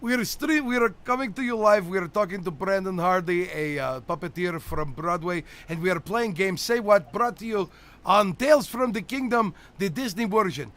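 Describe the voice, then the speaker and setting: A man's voice: high voice, expressive, normal speed, a bit bright. A man playing a boastful, teasing 212-year-old theme-park host who runs a comedic game show. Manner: brash, teasing, theatrical.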